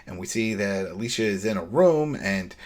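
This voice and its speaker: Man, podcast co-host. Casual episode recap, animated delivery, slips into quick character impressions. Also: on the low side. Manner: animated, acts out characters' lines mid-recap.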